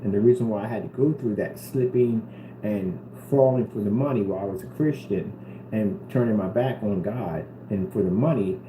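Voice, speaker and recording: A man's voice: on the low side, normal speed. A man vlogging to the camera in an earnest, rambling way, often repeating himself. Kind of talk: casual talk to camera. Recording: roomy with steady background noise.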